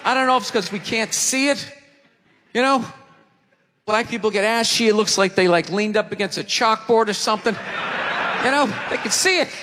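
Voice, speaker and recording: A man's voice: high voice, normal speed, pauses often, sharp tone. A man doing a stand-up comedy set on a theater stage, ranting in a profane, exasperated way. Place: theater stage before a live audience. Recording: live theater recording with crowd noise and reverb.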